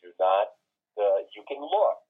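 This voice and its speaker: A low, husky-voiced man chimes in briefly as a radio co-host. His voice comes through thin and tinny, like a phone line. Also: very animated, normal speed. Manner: brief agreeing interjections.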